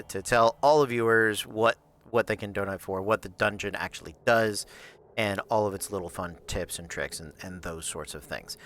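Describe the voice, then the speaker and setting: A man organizing a live game show, explaining the rules in a thoughtful, halting way. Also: lowish voice, bright, forceful tone, smooth. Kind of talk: casual live-stream explanation.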